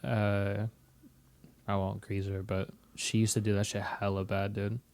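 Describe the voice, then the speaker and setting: A man's voice: on the low side, monotone, measured pace, darkish tone, clear, resonant tone. A young man co-hosting a podcast, talking in a laid-back, slangy casual way. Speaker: podcast co-host. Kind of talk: casual chat.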